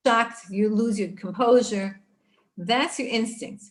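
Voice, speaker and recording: Animated woman teaching Torah. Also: a little high, slow. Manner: animated, speaks to listeners directly. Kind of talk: live online Torah class.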